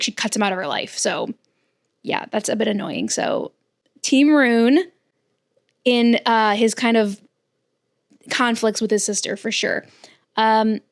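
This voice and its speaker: A young woman with a fairly high voice chats casually to camera as a book vlogger. She rambles, restarts her sentences and fills gaps with "um" and "like". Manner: chatty, rambling, many fillers and restarts. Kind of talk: casual chat.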